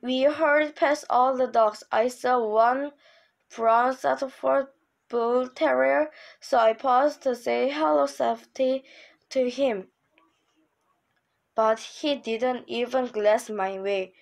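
A woman's voice: a little high, steady tone, slow pace, vocal fry, poor audio. A female reader reading a children's novel aloud, with slips and restarts. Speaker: book reader.

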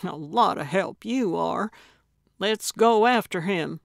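A woman's voice: lowish voice, lively intonation, slow pace, creaky, no echo, studio quality, full character voice. A woman narrator voicing a stubborn, eccentric elderly woman sleuth who talks in an indignant, childish, proud way.

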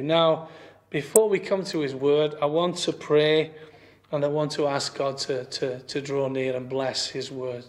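An older man from England preaching a sermon as pastor, earnest and emphatic, repeating and slowing on key phrases. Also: on the high side. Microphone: streamed church service.

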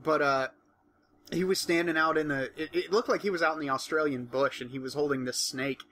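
A young man who is a guest on a casual podcast chat, animated and swearing freely. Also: a little high, brisk.

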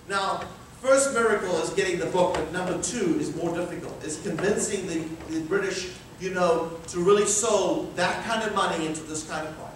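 Male pastor, lively storyteller, high voice, far from the mic in a very echoey hall. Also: normal speed, slight background noise. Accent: Scottish-rooted. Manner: animated storyteller acting out dialogue. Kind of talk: sermon storytelling. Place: church hall.

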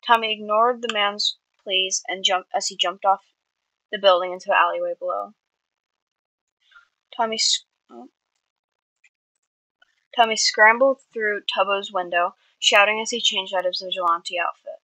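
A woman's voice: medium pitch, moderate pace, bright, forceful tone, dry recording, rough recording. A woman reading her own story aloud earnestly, with small slips and restarts. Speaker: amateur writer.

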